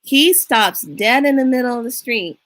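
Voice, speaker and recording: A middle-aged woman telling a story in a casual monologue, unhurried and animated, acting out what people said. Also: on the high side. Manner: unhurried, animated retelling with acted-out quotes. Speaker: spiritual reader and vlogger.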